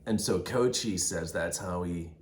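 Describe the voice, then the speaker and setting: A man's voice: low-pitched, measured pace, echoey room. A man telling hiking trail stories in a rambling, casual way, tossing in "man" and "dude" often. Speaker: hiker vlogger. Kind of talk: casual storytelling.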